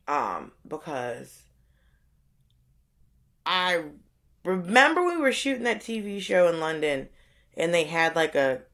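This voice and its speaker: A woman in her thirties co-hosts a relaxed, funny conversation with a low-sitting voice. She tells stories with lots of energy, acting out the voices of the people in them.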